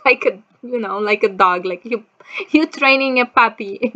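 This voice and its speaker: A woman casually telling a childhood story as a vlogger, animated, laughing often and acting out quotes in a higher voice. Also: unhurried, lo-fi sound.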